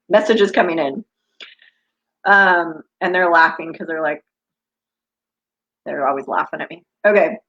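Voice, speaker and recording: A woman's voice: low voice, takes it slowly, long pauses, fairly bright tone, muffled recording. A woman in her fifties from the United States, hosting a live stream as an intuitive coach, talking casually with viewers and wandering off on spiritual tangents. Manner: chatty, tangent-prone, spiritual.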